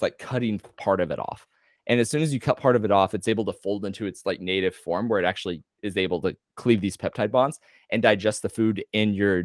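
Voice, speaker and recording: A man tutoring a student on a video call, explaining loosely with casual slang and quick self-corrections. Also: on the low side, dry recording, studio quality. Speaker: medical tutor.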